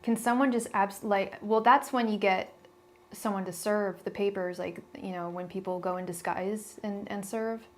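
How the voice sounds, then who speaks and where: A woman's voice: medium pitch, steady tone, moderate pace. Young woman, tarot reader on a live stream, blunt chatty delivery, plenty of restarts.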